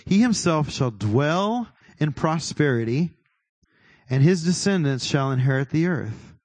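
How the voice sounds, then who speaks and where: A man giving a relaxed church talk on prayer at a middle pitch. He talks in a chatty way, laughs a lot and often stops to restart his sentences. The sound is dry and close. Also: no room sound. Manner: chatty, laughing, self-interrupting. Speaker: worship leader. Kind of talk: casual church teaching on prayer. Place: church worship service.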